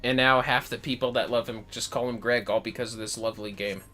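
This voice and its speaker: A man's voice: mid-range voice, fairly even intonation, fast talker, bright, forceful tone. A man chatting casually while livestreaming a video game, swearing freely and answering chat. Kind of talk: casual gameplay commentary.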